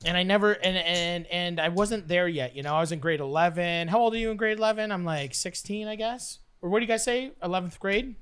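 Man, young, from Canada, bright tense tone, rambling, swears a lot, animated storytelling. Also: sits high, fairly quick, few pauses, smooth. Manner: rambling, profane, animated, acts out the scenes with shouts. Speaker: storyteller guest. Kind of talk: casual storytelling chat.

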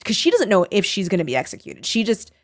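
A woman retelling a novel's plot in casual chat, animated, swearing and quoting the characters. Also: medium pitch, quick pace. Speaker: podcast co-host discussing a novel.

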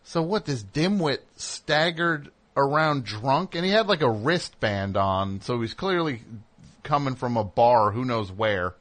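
A middle-aged man hosting a show, telling a casual story and acting out the people in it with sudden loud outbursts. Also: medium pitch, measured pace. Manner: animated, acts out voices with loud outbursts. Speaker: host.

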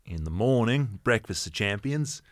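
A man guesting on a comedy podcast, cracking quick, wry, profane jokes in casual chat. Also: fairly low pitch, lively intonation, dry recording, studio quality.

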